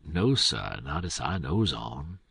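Man voicing a guarded humble man, deep slow dialect replies, husky. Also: very animated, fairly bright tone, no echo, exaggerated voice. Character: cautious grown man, feigning ignorance, humble.

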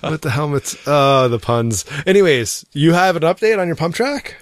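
A man with a somewhat higher voice, recorded close and dry, bantering on a podcast. He is playful and keeps pressing his pun on the others. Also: very animated, moderate pace, no room sound. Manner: jokey, pushes puns insistently. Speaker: podcast co-host. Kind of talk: casual chat.

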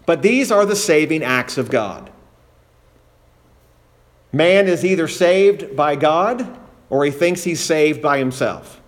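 A man delivers a sermon from the pulpit in an earnest teaching manner. His voice sits a little higher than most men's. He often repeats a phrase to drive the point home. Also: animated, slow, long pauses. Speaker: preacher.

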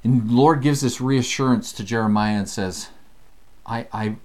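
Guy teaching a bible study lesson, mid pitch, animated, does little voices. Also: normal speed. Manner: animated, acts out quoted voices. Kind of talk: casual scripture lesson.

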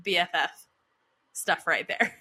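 Bright-voiced chatty woman storyteller. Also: fairly low pitch, slow pace, breathy edge. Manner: chatty, filler-heavy, laughs often. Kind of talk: casual storytelling monologue.

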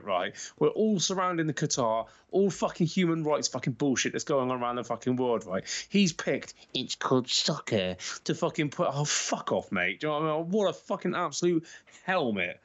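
A man rants his way through casual football chat. He swears constantly and keeps calling his co-host mate. His voice sits at an ordinary pitch on a dull, lo-fi recording. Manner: ranting, heavy swearing, calls everyone mate. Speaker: podcast co-host. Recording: dull lo-fi sound.

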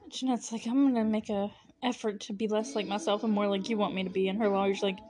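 Woman podcast host, young adult, mid-pitched, loose and chatty, laughs often, casual recap delivery. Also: flat delivery, a little fast. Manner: chatty, lots of fillers and frequent laughter.

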